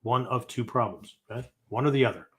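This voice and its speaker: A man's voice: mid-range voice, fairly quick, a bit bright. A man hosting a spoken teaching podcast, talking casually and rambling, with many fillers, frequent "right?" tags and blunt mild swearing. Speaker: podcast host teaching esoteric Buddhism.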